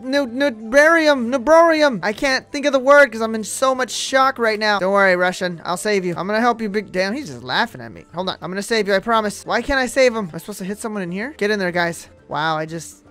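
A man hosting casual gameplay commentary, joking and excitable, with sudden yelps and slangy banter. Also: sits high. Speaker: gaming video host.

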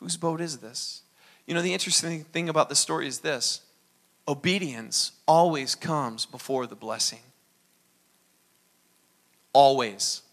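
A man preaching a sermon as pastor, animated and acting out little dialogues. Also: on the high side, a little slow, pauses often.

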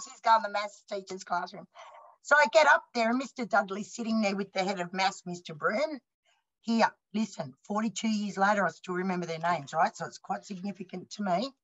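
A woman in her fifties with an Australian accent, telling a story on a panel bluntly and with lively acted-out dialogue. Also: medium pitch, highs cut off. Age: 50s. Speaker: panelist and university student.

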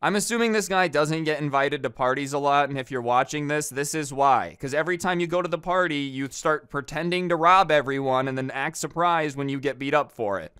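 A man's voice: on the high side, a little fast, few pauses, fairly bright tone, clear, resonant tone. A young man telling viewer stories in a casual, exasperated and sarcastic way, acting out the people he quotes. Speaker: storytime YouTuber. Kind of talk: casual storytime commentary.

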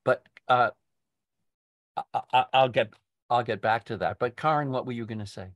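An older man leading a poetry discussion group, talking in a halting way with many restarts and fillers. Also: medium pitch, steady tone, a bit bright, no room sound, dull audio. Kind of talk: casual literary discussion.

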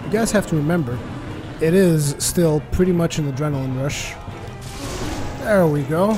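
A man doing joking, sarcastic gameplay commentary, getting excited during fights. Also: on the high side, moderate pace, music in the background. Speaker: let's play commentator.

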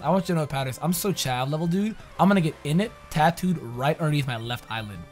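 A man bantering over a video game, excitable, goofy and teasing his co-host. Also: fairly high pitch, fast talker, faint music behind. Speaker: gaming co-host. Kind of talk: casual gameplay banter.

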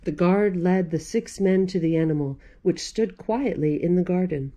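A woman's voice: fairly low pitch, normal speed, dark tone. A woman librarian reading a picture book aloud to children, playful and laughing often.

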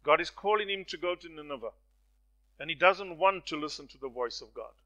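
A man delivers a sermon in a bright, forceful voice pitched a little high. He drops to near-hushed phrases, then rises to loud, ringing declarations. He tells his stories with acted voices. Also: lively intonation, brisk, dull audio. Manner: dramatic swings from soft to loud. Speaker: preacher.

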